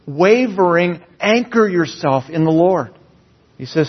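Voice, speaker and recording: A pastor delivers a sermon, his voice a little husky and pitched somewhat high. He talks earnestly and leans hard on his key phrases. The recording sounds dull and slightly lo-fi. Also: animated, measured pace.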